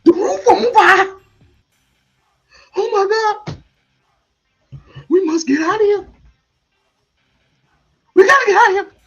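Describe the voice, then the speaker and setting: A man voicing a frantic, shrieking figure in a very high, shrill voice, with dull lo-fi sound. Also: lively intonation, takes it slowly, long pauses, a bit bright, full character voice. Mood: panicked. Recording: dull lo-fi sound with faint music.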